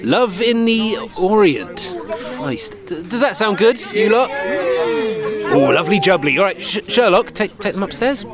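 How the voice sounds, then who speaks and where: A man's voice: sits high, big pitch swings, a little slow, a crowd in the background. A man playing a nervous, flustered doctor who stammers and trips over his words.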